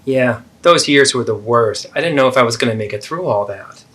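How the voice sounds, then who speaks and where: A man's voice: mid-range voice, a little fast, a bit bright, lightly acted. A man voicing a defensive, self-pitying middle-aged mother who deflects and guilt-trips in a therapeutic role-play.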